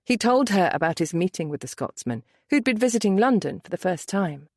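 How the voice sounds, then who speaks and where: A woman narrating a romance novel audiobook with an expressive storytelling lilt. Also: medium pitch, a little fast, no room sound, studio quality.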